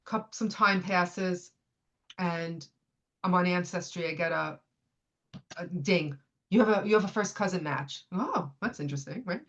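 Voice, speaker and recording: A woman in her fifties tells a personal story on a podcast. Her voice sits low, and she acts out other people's lines as she goes. The audio is a bit dull and lo-fi. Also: a little slow. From United States. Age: 50s. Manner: animated retelling, acts out what others said. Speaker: podcast guest.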